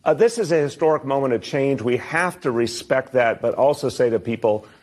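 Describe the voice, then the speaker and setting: A man, a politician, answering questions in a televised interview in a measured, earnest way. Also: mid-range voice, lively intonation, a little mellow.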